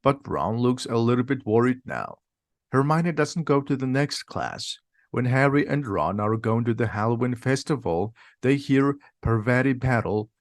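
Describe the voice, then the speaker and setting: A man's voice: mid-range voice, dry recording, studio quality. Man reading a simple audiobook. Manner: slow, plain, steady reading. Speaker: reader.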